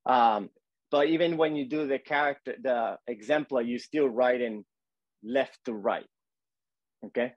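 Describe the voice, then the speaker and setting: A man teaching a calligraphy lesson while demonstrating, talking in a relaxed, repetitive coaching way with many fillers. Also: mid-range voice, unhurried, no room sound, highs cut off.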